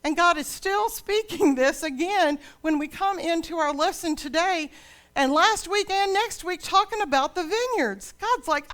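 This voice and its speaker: A woman's voice: very high-pitched, animated, normal speed, a bit bright. An older woman pastor delivering a sermon in a dramatic storytelling manner.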